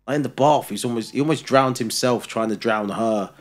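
A man in his thirties co-hosting a podcast, chatting casually and telling animated stories about his children, acting out their voices as he goes. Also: mid-range voice, a little fast, soft background music. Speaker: podcast co-host. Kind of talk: casual chat.

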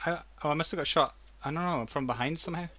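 A man's voice: fairly high pitch, racing, sharp tone, a little hiss or hum. A man with an Australian accent, streaming a game and trading cheeky, teasing banter. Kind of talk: casual gaming chat.

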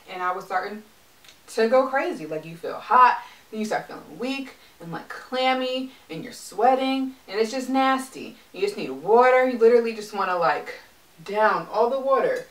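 A woman's voice: fairly high pitch, expressive, moderate pace, fairly bright tone, recorded from a distance. A young adult woman chatting casually in a vlog, talking in a loose, filler-heavy way. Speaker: pregnancy vlogger. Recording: echoey room, mic set back.

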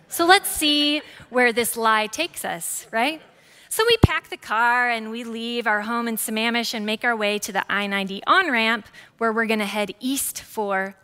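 Woman in her forties, pastor, sermon, conversational, bright voice, long church reverb. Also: fairly high pitch. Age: 40s. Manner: lively and conversational, with asides to the congregation. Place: church sanctuary.

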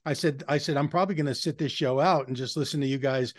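A man's voice: medium pitch, quick pace, dry recording. A male podcast co-host chatting in a joking, easygoing way. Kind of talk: casual chat.

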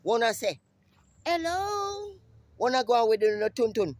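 A brash man with a Jamaican accent, ranting profanely in a casual vlog outdoors, repeating himself and breaking into sudden high-pitched calls. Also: brisk, darkish tone, dry recording. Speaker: vlogger. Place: outdoors in the sun.

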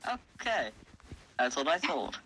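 A male player in casual role-play chat, giving dry, deadpan comebacks. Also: fairly high pitch, slow, breathy edge, low-quality recording. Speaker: Minecraft server player.

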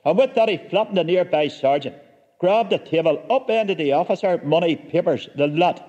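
A man's voice: high voice, expressive, normal speed, mellow, long reverb tail, highs cut off. A man telling a comic story with dry, wry humor.

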